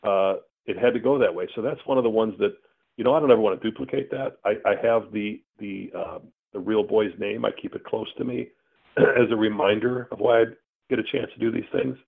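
A middle-aged man comes through a thin, phone-line sound as a guest recounting his own story. He talks earnestly and with animation, and his voice sits on the low side. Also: fairly quick, vocal fry. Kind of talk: telling a personal story in conversation.

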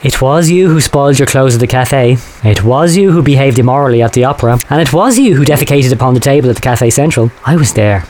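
An actor playing a sinister, manipulative male doctor, smooth and insinuating, in a comic audio drama. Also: mid-range voice, quick pace, hardly any pauses, a little mellow, natural voice.

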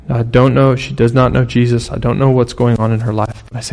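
Gravelly conversational male preacher. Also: medium pitch, little pitch movement, fast talker, hardly any pauses, darkish tone. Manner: conversational, storytelling preacher with sudden bursts of emphasis. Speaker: pastor. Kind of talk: sermon.

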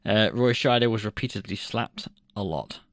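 A man in casual podcast chat, with a fairly low voice. He laughs easily and swears in passing, and his delivery often draws out. The recording is close and dry, with no room sound. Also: moderate pace, no echo. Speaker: podcast co-host.

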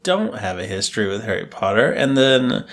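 Woman, deep low voice, podcast co-host, casual chat, teasing, jokey asides. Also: sing-song, moderate pace.

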